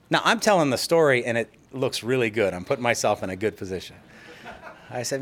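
A middle-aged male pastor delivers a sermon in a church, his voice sitting at an ordinary pitch for a man. He tells stories from his own life and jumps into acted-out quotes of what people said to him. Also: brisk, fairly bright tone, slight background noise.

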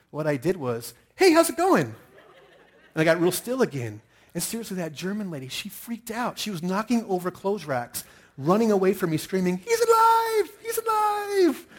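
A middle-aged man delivers a sermon in a husky, somewhat high voice. He tells his stories with animated energy and throws in sudden loud outbursts for emphasis. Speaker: pastor.

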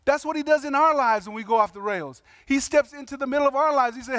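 A man's voice: very high-pitched, fast talker, hardly any pauses, a bit bright, no echo. A man preaching a sermon in a conversational, emphatic way, with slangy asides and voiced quotes. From Samoan heritage. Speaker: pastor.

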